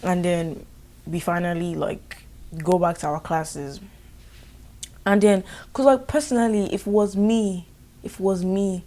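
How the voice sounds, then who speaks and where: A young woman with a Nigerian accent tells a school story for her vlog. She sounds animated and exasperated, and her voice sits on the lower side. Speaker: vlogger.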